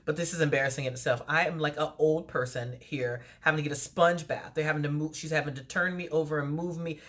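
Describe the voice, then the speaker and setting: A woman entertainer telling a personal story in a casual storytime vlog, animated and laughing often. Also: sits low, fast talker. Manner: animated retelling with frequent laughs.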